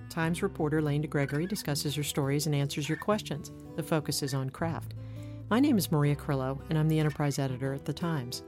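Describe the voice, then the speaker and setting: A woman editor hosting a podcast in a brisk, conversational way. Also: deep voice, a little mellow.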